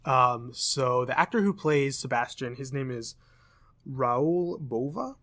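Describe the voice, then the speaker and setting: A man's voice: medium pitch, moderate pace, sharp tone. Young man rambling through explanations. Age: young adult. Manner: hesitant, filler-heavy explaining. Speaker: podcast co-host. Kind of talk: casual chat.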